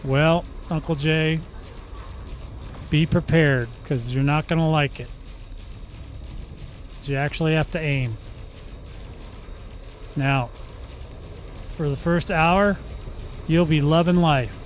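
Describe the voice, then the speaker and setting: A man's voice: a little high, slow pace, pauses often, a little hiss or hum. A man hosting a gaming channel, giving joking, playful commentary while he plays and making gun sounds with his mouth. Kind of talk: live gameplay commentary.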